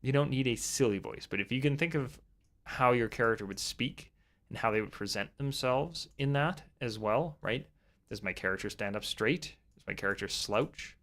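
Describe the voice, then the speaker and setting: A young man talks through his tabletop game advice in a loose, rambling way, stopping and restarting his thoughts. His voice sits a little low. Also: bright, forceful tone. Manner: rambling, conversational, many fillers and restarts. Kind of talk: casual advice monologue.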